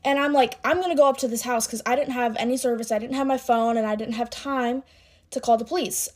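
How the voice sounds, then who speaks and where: A young woman with a fairly high voice tells a get-ready-with-me storytime. She talks in a chatty, animated way. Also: fast. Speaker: content creator.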